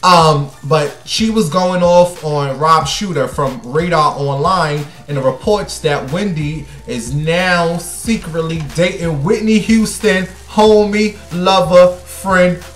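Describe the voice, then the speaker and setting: A man hosting a casual celebrity gossip show, sassy and blunt, swinging between loud bursts and hushed asides. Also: a little high, slow, hardly any pauses. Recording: echoey room with faint music.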